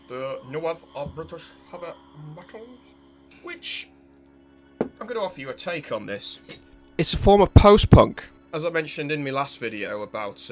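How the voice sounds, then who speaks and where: A man's voice: a little high, a bit bright. A man giving a spoken video essay as a music commentator, discursive and analytical, with frequent fillers and restarts.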